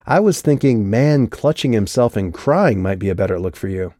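A hard-edged young woman with a biting, clipped delivery, voiced by a male audiobook narrator. She speaks low and close on a dry mic. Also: expressive, normal speed, warm tone, no echo. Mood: cold sarcastic. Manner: curt, sneering, defiant. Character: sharp-tongued tough young woman. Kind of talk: audiobook character voice.

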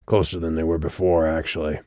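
Man reading a drowsy cryptic guy, audiobook character, very deep low voice, unhurried, dry close mic. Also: flat delivery, darkish tone, no echo. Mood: sleepy. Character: calm, cryptic, drowsy male traveler.

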